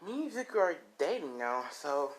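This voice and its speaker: A man's voice: on the high side, big pitch swings, a little fast, pitched above the performer's own voice, rough recording. A man voicing a possessive teenage girl in love, read casually with little change from his own voice. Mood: cheerful. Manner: casual, unpolished line reading.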